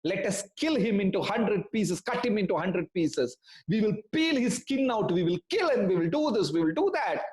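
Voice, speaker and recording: A man's voice: high-pitched, animated, a little mellow, echoey room. A man voicing a fierce warrior eager to punish an enemy, in a storytelling class. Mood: vengeful. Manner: vengeful, rapid threats.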